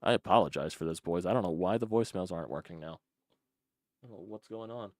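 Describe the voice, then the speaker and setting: A man's voice: low voice, fast, no room sound, studio quality. A man hosting a casual fan call-in sports show, frustrated and profane, repeating himself as he talks. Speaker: sports podcast host.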